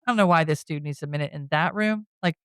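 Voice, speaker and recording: A woman's voice: sits low, fast talker, smooth, no echo. A woman hosting a podcast, casually retelling a horror film scene by scene, with chatty storytelling. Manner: chatty storytelling, with frequent "you know" and "like". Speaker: podcast host. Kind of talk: casual movie recap.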